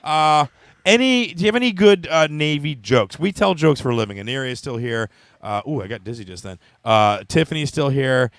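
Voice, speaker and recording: Fast-talking joking male comedy host. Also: mid-range voice, expressive, dry recording. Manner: rambling, joking, laughing often. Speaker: comedian radio show host. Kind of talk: casual comedy talk show.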